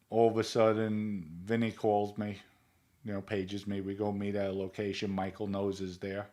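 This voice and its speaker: A man, hosting a show and telling stories in a blunt, profane, casual way over a video call. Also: fairly low pitch. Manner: blunt, profane street talk, acts out quotes. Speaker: storyteller and show host. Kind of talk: casual storytelling.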